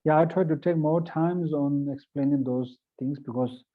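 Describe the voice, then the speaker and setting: A male Buddhist teacher with a Tibetan accent gives a dharma teaching, halting with many fillers, then recites verses slowly and deliberately. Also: fairly high pitch. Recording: tinny phone-like audio.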